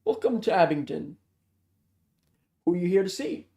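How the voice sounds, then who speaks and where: A man's voice: sits high, lively intonation, moderate pace, vocal fry, dark tone. A man voicing a blunt, teasing seventy-year-old security guard and former patrol cop with a Philadelphia accent, in a read-aloud novel. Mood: gruff teasing. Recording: roomy echo.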